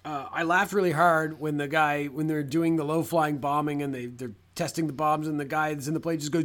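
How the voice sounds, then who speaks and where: A man's voice: fairly high pitch, fairly even intonation, a little fast, few pauses, fairly bright tone. A man co-hosting a podcast, chatting casually about a film, swearing freely. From Canada. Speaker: podcast co-host.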